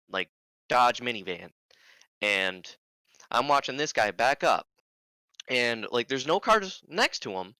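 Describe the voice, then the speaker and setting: A young man who is a podcast guest, telling a story in animated casual talk and swearing freely. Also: fairly low pitch, clean tone, no echo, low-quality recording.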